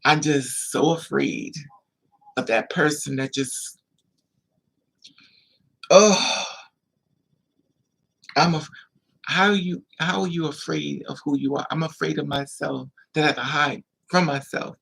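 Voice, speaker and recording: A man speaking in a confessional vlog monologue, rambling in halting restarts and repeated phrases. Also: fairly high pitch, fairly even intonation, creaky, a bit bright, husky. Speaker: vlogger.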